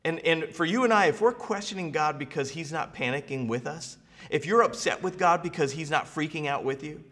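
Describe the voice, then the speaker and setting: A man's voice: fairly high pitch, fairly bright tone. A man preaching a sermon as pastor, building momentum with rhetorical questions and repetition. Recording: long reverb of a large hall.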